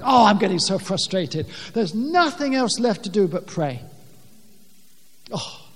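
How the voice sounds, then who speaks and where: A man with a high voice preaching a sermon in earnest, plain words. He often stumbles and restarts, then rises loudly on the scripture lines. He is recorded in a church hall with a long, ringing reverb. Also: lively intonation, measured pace. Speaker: pastor.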